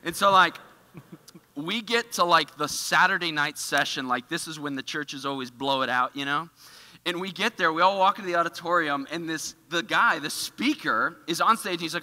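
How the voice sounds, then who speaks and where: A man giving a casual, animated storytelling sermon in a church, full of filler words. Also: on the high side, moderate pace, long reverb tail. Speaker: church speaker. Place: church auditorium.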